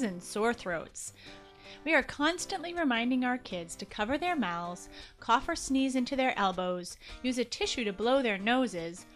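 A woman hosting and narrating a children's story show with an animated, expressive reading. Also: fairly high pitch.

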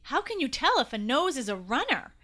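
A woman voicing a curious young boy who asks anxious, excited questions. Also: high-pitched, a little fast, pitched above the performer's own voice, heavily acted.

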